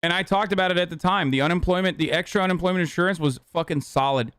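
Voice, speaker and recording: A man's voice: high voice, fast, fairly bright tone, clear, resonant tone, no room sound. A man streaming a reaction to a clip, ranting in a heated, profane, casual way.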